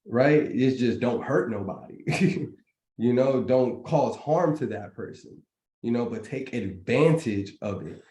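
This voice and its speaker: A man's voice: medium pitch, expressive, slow pace, dark tone. Motivational man on a roomy call. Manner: preachy, motivational, slangy. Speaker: trading community host. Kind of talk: casual live group chat. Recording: roomy echo.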